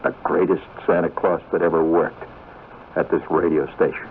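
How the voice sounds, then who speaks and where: A man telling a rambling story on the radio in an animated, conversational way. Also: low voice, normal speed, over music. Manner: conversational, animated, full of you-knows and restarts. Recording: tinny 1970s radio broadcast with faint hiss.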